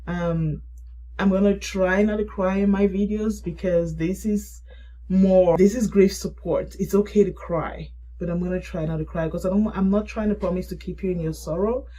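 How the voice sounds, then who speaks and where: A middle-aged woman telling her grief story in a halting, emotional way and reading an old message aloud. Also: fairly low pitch, fairly even intonation, rough recording. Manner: halting, emotional, soft-spoken. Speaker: grief support vlogger.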